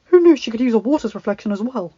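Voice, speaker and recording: A woman's voice: fairly high pitch, quick pace, slightly rough, dry recording, muffled recording. Woman reading as a stern young prince. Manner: stern, tries to stay calm. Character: young prince, earnest and strained, commanding.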